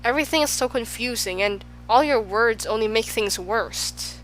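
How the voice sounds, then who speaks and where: A woman's voice: on the high side, normal speed, a bit bright, lightly acted, rough recording. A polite, earnest young boy, confused by the grown-ups around him, as a woman reads his lines. she keeps it close to her own voice, with faint music under the reading. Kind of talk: audiobook character voice.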